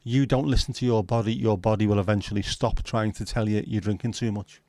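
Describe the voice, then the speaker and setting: A man's voice: lowish voice, steady tone, fairly quick, mellow, no room sound. Sweary, chatty man livestreaming. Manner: chatty, sweary, reads out viewer comments. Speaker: livestream host. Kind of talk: casual livestream chat. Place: at home, window nearby.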